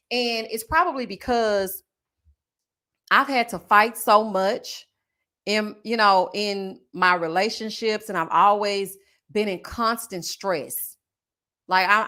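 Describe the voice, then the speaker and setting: A woman chatting casually to her viewers, sassy and animated, calling them honey and child and laughing often. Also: mid-range voice. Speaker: YouTube reality TV commentator. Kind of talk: casual live-stream chat reading comments.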